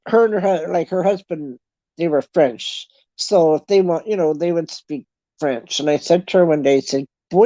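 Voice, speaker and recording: A woman's voice: low voice, warm tone, no echo, muffled recording. A middle-aged Canadian woman with a Canadian accent, chatting casually with her viewers, telling stories and laughing often. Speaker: livestream host chatting with viewers. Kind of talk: casual chat.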